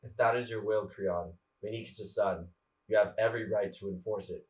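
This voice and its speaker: A man plays a deferential old elder in a stage play, speaking cautiously and with submission. His voice is on the low side for a man and sounds distant from the microphone. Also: steady tone, moderate pace, darkish tone, close to an everyday voice. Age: older. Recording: voice from far off the mic.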